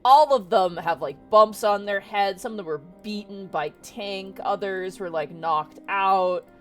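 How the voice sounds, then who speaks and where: A woman's voice: medium pitch, measured pace, a bit bright, soft background music. A woman running a tabletop game as game master, narrating in a chatty way full of "kinda" and "like".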